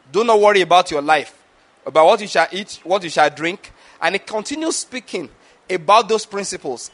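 A man's voice: sits high, fairly bright tone. A man, preaching a teaching sermon and often checking that the listeners follow. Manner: asks the audience questions, repeats words. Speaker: pastor.

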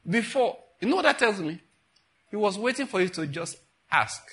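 Pastor, middle-aged, bright and fairly high voice, animated sermon delivery. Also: male voice, moderate pace. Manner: animated and conversational, acting out dialogues.

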